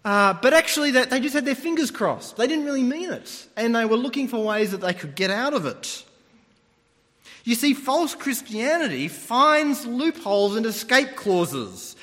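A man's voice: extremely high pitch, normal speed. A man preaching a sermon, retelling stories and putting on voices as he goes. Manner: animated storytelling, mimics voices. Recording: long hall reverb.

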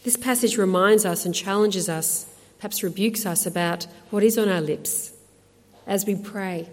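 A woman with an Australian accent gives a conversational, animated sermon with chatty asides, ending in prayer. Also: medium pitch, moderate pace, big-room sound. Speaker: speaker at a women's ministry talk.

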